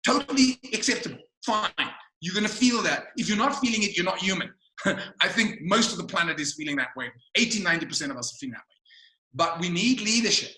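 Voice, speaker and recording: A man's voice: sits high, animated, a little fast, sharp tone, reverberant, low-quality recording. A man giving a motivational webinar talk, emphatic, asking rhetorical questions and telling stories. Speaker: motivational speaker. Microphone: video call mic.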